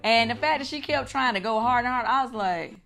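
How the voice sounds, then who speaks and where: Woman host telling a story, high lively voice, acts out every reaction. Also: fairly quick, gravelly, loud music behind the voice. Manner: animated, swearing, acting out her own reactions. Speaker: show host. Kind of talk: casual recap chat.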